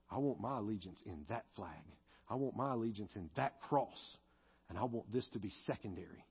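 A man's voice: lowish voice, husky, dull audio. A male pastor preaching a sermon and leading a closing prayer, earnest and confessional, at times rising into fervent pleading.

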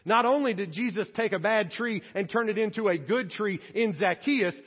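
A male pastor preaching an animated sermon, moving between quiet and loud passages. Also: high voice, moderate pace, husky. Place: church sanctuary. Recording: dull lo-fi audio in a reverberant hall.

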